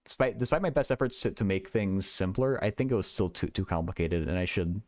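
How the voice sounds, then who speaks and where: A man's voice: low voice, a little fast, dry recording, studio quality. A young man hosting a casual livestream, thinking aloud in a rambling way with many stammered restarts. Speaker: livestream host.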